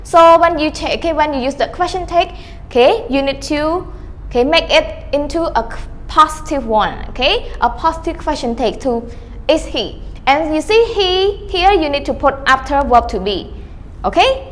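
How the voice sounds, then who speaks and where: High-voiced woman teaching grammar. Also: lively intonation, moderate pace, a bit bright, long reverb tail. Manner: repeats "okay" often, calls herself teacher; models question-tag intonation with rising and falling tones. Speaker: English teacher. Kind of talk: recorded online grammar lesson.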